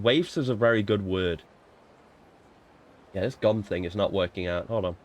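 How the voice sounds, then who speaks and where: A man's voice: lowish voice, moderate pace, long pauses. A young man streaming a game, rambling and swearing in a self-mocking, casual commentary.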